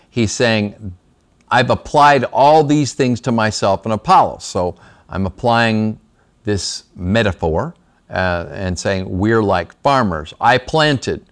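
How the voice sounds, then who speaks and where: A man's voice: fairly low pitch, fairly bright tone. A man teaching a Bible study class in a small room, talking conversationally with a slight lisp from retainers and often checking in with the class.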